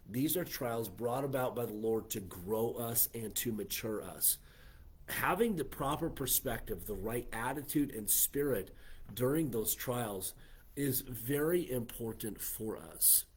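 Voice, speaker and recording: Casting: American male pastor, husky mid voice, earnest church sermon delivery. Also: mid-range voice, a little mellow. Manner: earnest preaching with frequent "uh" and "okay". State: coughing fits.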